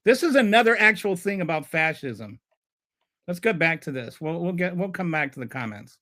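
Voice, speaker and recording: A man's voice: fairly high pitch, very animated, moderate pace, bright, forceful tone. A man hosting a live stream and ranting about politics. He is heated and sarcastic, and he stumbles and repeats words when he gets flustered.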